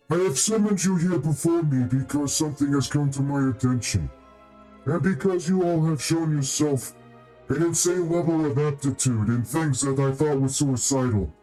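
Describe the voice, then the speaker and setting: A man's voice: fairly high pitch, dark tone, close to an everyday voice, rough recording. A man voicing a boastful, short-tempered male Hutt crime lord who rambles grandly and misuses words in a tabletop game. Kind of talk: tabletop role-play voicing.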